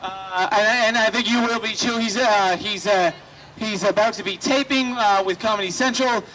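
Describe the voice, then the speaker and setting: A man's voice: high voice, normal speed, bright, forceful tone, slight background noise, poor audio. A man hosting a comedy show at an outdoor festival, hyping up comedians with plenty of fillers. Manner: hyped introductions with fillers. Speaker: show host. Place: outdoor street festival stage.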